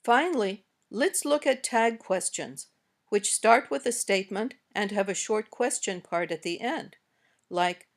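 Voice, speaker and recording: A woman with an American accent reads a scripted English lesson in a mid-range voice. She speaks slowly and carefully, modeling each example sentence. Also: mid-range voice. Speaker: English teacher.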